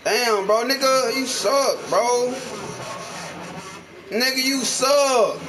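A young man hosting a gaming channel, loudly and profanely ranting at a teammate during gameplay commentary. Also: very high voice, extremely slow, long pauses, crowd noise. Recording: noisy home gameplay capture.

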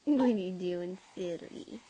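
A woman's voice: lowish voice, measured pace, dark tone, husky, dull audio. A young mother at home, cooing teasing sing-song baby talk to her infant while filming on a handheld camera. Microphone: handheld camera mic.

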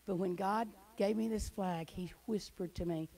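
A middle-aged woman, a guest speaker giving an emotional church testimony that swings from hushed to loud. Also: mid-range voice, steady tone, normal speed, rough recording. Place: church hall.

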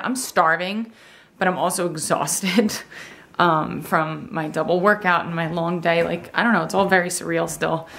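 A woman vlogging at home, chatting to the camera in an excited, rambling way. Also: on the low side, slight background noise. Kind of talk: casual chat to camera.

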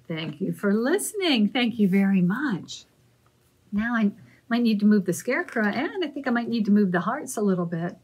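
Running story time for children, a librarian sings rhymes, reads a picture book aloud and voices animal sounds. Her delivery is a slow, encouraging sing-song, her voice medium in pitch, a little mellow, with a breathy edge.

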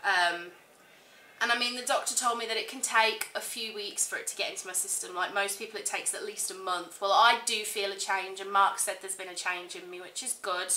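Woman, casual vlogger, gushing and chatty with lots of fillers, bright voice, echoey room. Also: mid-range voice, steady tone, a little fast, slight background noise. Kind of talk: casual chat to camera.

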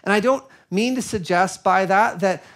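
A man giving a sermon, telling a personal story in an earnest, reflective way with soft pauses. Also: high-pitched. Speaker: preacher.

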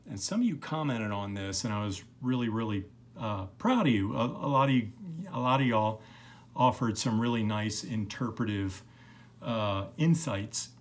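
Brief: middle-aged male lecturer, unhurried, rambling, lots of ums. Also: medium pitch. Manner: relaxed, rambling, many fillers. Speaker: literature teacher. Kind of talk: recorded lecture.

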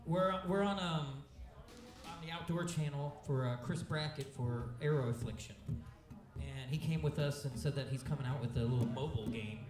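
On stage at a live music venue, a frontman from Central Illinois keeps a moderate pace in his mid-range voice, joking loosely between songs and swearing now and then. Loud music fills the roomy space, and the mic is distant.

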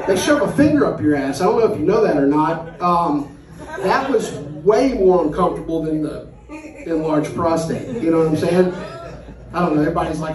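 A stand-up comedian, a man with a noticeably high voice, rattles through a crude bit and slips into the voices of the people around him. His voice sits back from the mic in a roomy club, with a crowd reacting loudly. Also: animated, unhurried, far from the mic. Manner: crude, acts out voices of his dog and friends. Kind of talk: stand-up set. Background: audience laughing.

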